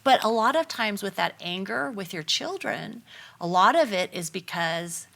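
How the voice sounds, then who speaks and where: A woman speaking as a guest on a talk show, explaining her ideas in a lively, storytelling way and acting out quoted family arguments. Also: medium pitch, moderate pace, creaky. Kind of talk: casual chat on a talk show.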